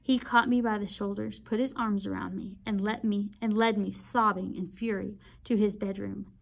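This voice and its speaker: A woman reading a novel aloud as host of a read-aloud channel, expressive and measured. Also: mid-range voice, creaky.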